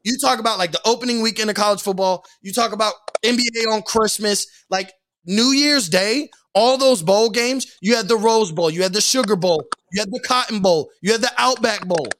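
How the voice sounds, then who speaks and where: Young male podcast guest, high and bright, animated and casual in sports chat. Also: brisk, a little hiss or hum. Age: young adult. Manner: animated, repeats himself, says "like" and "bro" a lot.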